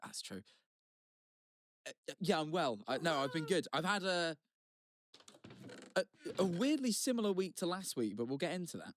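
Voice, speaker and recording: Animated man telling a story. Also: on the high side, moderate pace, pauses often, no room sound. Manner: animated, swears freely, rambling asides and restarts. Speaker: podcast co-host. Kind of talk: casual storytelling chat.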